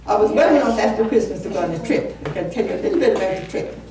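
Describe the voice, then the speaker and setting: This woman in her seventies rattles off a rambling, humorous story in a mid-range, expressive voice, laughing at herself before a live audience at a community concert. The recording comes from a distant mic in an echoey community hall, with faint room noise.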